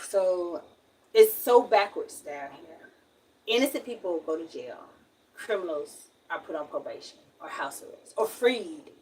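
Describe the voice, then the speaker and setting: A woman's voice: on the low side, animated, takes it slowly, pauses often, darkish tone, distant mic, slight background noise, rough recording. A young woman with a Southern US accent, from Alabama, talking frankly and at length in a casual livestream. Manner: frank, rambling, emphatic.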